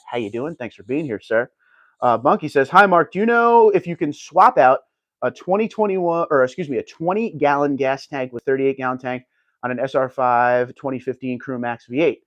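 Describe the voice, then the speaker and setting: A man's voice: medium pitch, dry recording. A man hosting a casual livestream, chatting and reading viewer comments aloud. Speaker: livestream host reading chat.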